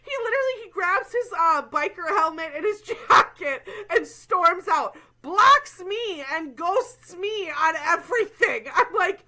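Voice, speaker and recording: A woman's voice: extremely high pitch, expressive, measured pace, few pauses, sharp tone. A young adult woman co-hosting a podcast, telling a story in casual chat with many fillers and frequent laughter. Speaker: podcast co-host.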